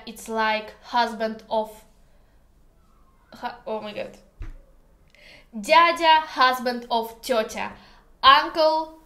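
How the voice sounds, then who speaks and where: In an echoey home kitchen, a woman with a Russian accent gives a casual language lesson in slow, careful, hesitant English full of pauses. Her voice is a little high and fairly bright, and she is playful, with a joking streak.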